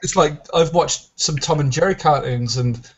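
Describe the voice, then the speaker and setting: A man's voice: a little high, normal speed, dull audio, slight background noise. A man with a Welsh accent in casual chat, telling stories in a joking, sarcastic way over a video call.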